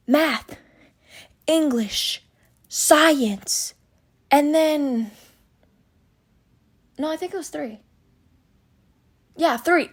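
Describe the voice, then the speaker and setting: High-voiced young woman ranting heatedly. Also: animated, slow pace, long pauses, a bit bright, no echo, studio quality. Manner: heated, profane ranting with emphatic repetition. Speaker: podcast host. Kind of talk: solo podcast monologue.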